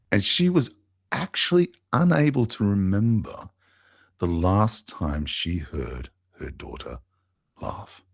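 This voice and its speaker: A man's voice: sits low, creaky, slightly rough, no echo. A man, a podcast guest telling a heartfelt story, with restarts and fillers, into a close mic. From Australia.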